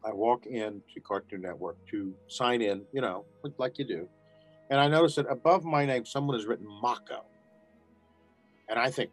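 Man, voice actor guest, casual storytelling, acts out quotes, mid-pitched voice. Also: moderate pace, no room sound, faint music behind. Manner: animated storyteller acting out quotes.

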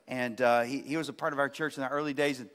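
A man, preaching a sermon as pastor, passionate, with swings from loud emphasis to quiet asides. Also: steady tone, fast talker. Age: 40s. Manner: impassioned preaching, rising to loud emphasis then dropping low. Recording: long hall reverb.

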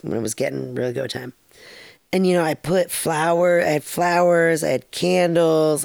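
Podcast host, middle-aged woman, low gravelly voice, frank rambling storyteller, dry close sound. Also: a little mellow, dry recording. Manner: rambling, frank, laughs often, swears casually. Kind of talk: casual storytelling.

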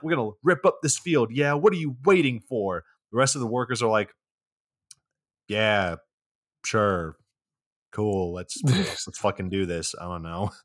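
A man co-hosting a comedy podcast, recapping a movie casually and acting out characters in silly voices. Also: medium pitch. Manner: jokey, acts out characters in funny voices. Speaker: podcast co-host.

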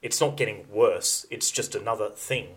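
A man's voice: on the low side, normal speed, low-quality recording. A man co-hosting a casual podcast chat, pushing back with frequent restarts. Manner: argumentative, restarts often. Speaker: podcast co-host.

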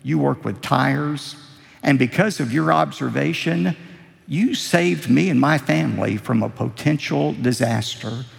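A preacher quoting an earnest pastor pleading. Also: male voice, medium pitch, a little slow, gravelly. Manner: polite, firm pleading. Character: earnest male pastor on vacation. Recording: long reverb of a large hall.

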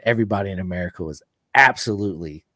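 A man's voice: low-pitched, very fast, sharp tone, no room sound, studio quality. A middle-aged man hosting a podcast, chatting in a rambling, enthusiastic fan's way. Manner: enthusiastic, rambling fan talk. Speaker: podcast host. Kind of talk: casual interview chat.

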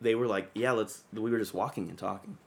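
A man's voice: on the low side, brisk, creaky. A young adult man telling a long personal story in casual chat, rambling with lots of fillers and swearing.

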